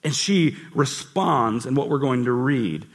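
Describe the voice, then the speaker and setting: A man preaching a lively sermon in church, asking the listeners questions and acting out the voices in the story. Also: mid-range voice, unhurried. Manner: animated preaching, acts out voices and asks the crowd questions. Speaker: pastor.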